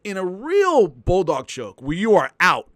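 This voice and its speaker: A man working as a combat sports analyst, telling fight stories in an emphatic, animated commentary style with frequent restarts. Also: sits high, measured pace, no room sound.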